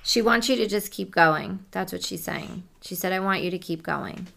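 A woman working as a psychic medium, softly relaying messages during a reading in a casual, conversational way. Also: medium pitch, normal speed, vocal fry.

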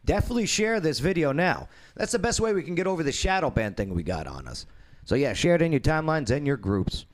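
A man's voice: a little high, fast talker, slight background noise. A man hosting a casual talk show, telling a long story loosely with lots of fillers. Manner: rambling storyteller with many fillers, lively intonation. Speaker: podcast host.

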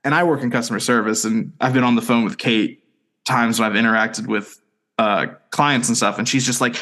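During a relaxed storytelling chat, this male podcast co-host spins out a lengthy, meandering tale full of self-deprecation and frequent laughter. His mid-range, fairly bright voice stays fairly even in intonation and moves fairly quickly.

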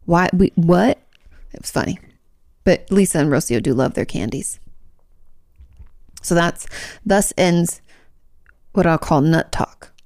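Chatty woman with a gravelly low voice. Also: unhurried, long pauses, no room sound, studio quality. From Washington state. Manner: chatty, laughs often, animated storytelling. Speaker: podcast co-host. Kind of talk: casual chat.

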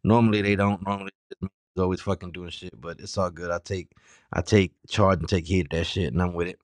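A low-pitched man talks fairly quickly in a flat delivery, recorded dry. Hosting his podcast solo with a sore mouth, he rants loosely and profanely, irritated, swinging from mutters to loud outbursts.

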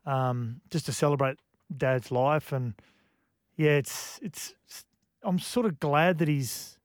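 A man, co-hosting a radio show, speaking in an emotional, reflective way with many halting restarts. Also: a little high, dry recording, studio quality. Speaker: radio co-host. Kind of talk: casual radio chat.

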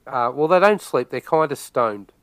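Australian guest, easygoing man, smooth clear voice, dry close sound, casual podcast chat. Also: mid-range voice, animated, normal speed, a bit bright, no room sound. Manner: laid-back, opens points with "look".

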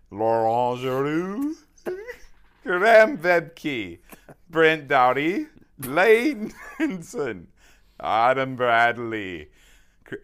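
A man putting on a clumsy mix of British and Australian accents, pitched high and stretched out slowly as he announces each name. It comes out as a hammy, over-the-top impression. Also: fairly bright tone, smooth. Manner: slow, drawn-out name reading.

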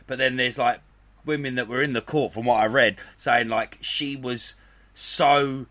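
A man's voice: medium pitch, steady tone, fairly bright tone. A young man, co-hosting a podcast in rambling, sweary casual chat. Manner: rambling, swearing, quick to laugh. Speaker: podcast co-host.

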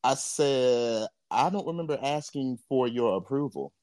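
A man in the middle of a heated, swear-laden podcast rant, blunt and impassioned as he co-hosts the show. His voice sits at an ordinary middle pitch. The recording is dry and close, with no room echo. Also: animated, unhurried, darkish tone. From Jamaica. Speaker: podcast co-host.

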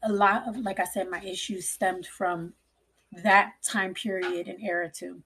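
A woman's voice: medium pitch, fairly even intonation, measured pace, a bit bright, breathy edge. A young woman and mother telling a personal story casually, rambling with lots of "like" and cursing freely. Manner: rambling, frequent "like", swears freely.

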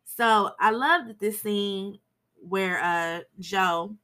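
Woman podcast host, casual film recap, chatty and frank, bright forceful voice, medium pitch. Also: drawn-out words. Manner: chatty, frank, swears for emphasis.

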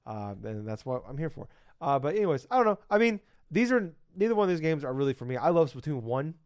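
A man's voice: a little high, big pitch swings, quick pace, darkish tone, no echo, clean studio sound. A man in his thirties hosting a casual podcast, rambling and ranting with lots of swearing. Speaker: podcast host.

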